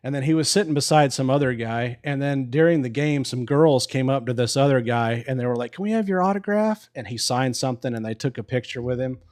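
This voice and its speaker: A man's voice: medium pitch, fairly even intonation, a little fast, few pauses, darkish tone. A married man hosting a live stream, telling a story casually with swearing and laughs. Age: adult with a wife. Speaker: livestream host. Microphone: live stream microphone.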